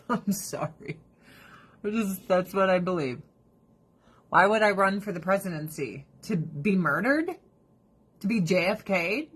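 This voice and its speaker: A woman's voice: mid-range voice, animated, a little slow, slightly rough. A woman chatting casually to camera in a blunt, profane way. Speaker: vlogger. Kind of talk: casual chat.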